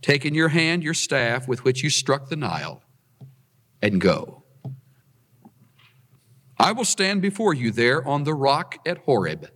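A man's voice: big pitch swings, unhurried, pauses often, fairly bright tone, in a large hall. A man preaching a sermon, reading scripture aloud and explaining it with emphatic rises on key phrases. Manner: emphatic, rising to high pitch on key phrases.

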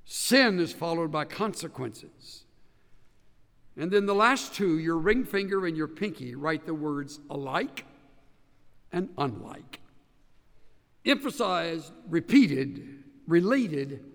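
A man teaching a Bible study class, emphatic and animated, walking his listeners through each step. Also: fairly high pitch, takes it slowly, pauses often, big-room sound.

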